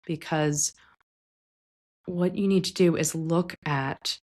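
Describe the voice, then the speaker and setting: A woman therapist hosting a podcast, talking gently and reflectively about family and healing, sometimes acting out what clients and their parents might say. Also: deep voice, fairly even intonation, takes it slowly. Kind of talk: conversational psychology talk.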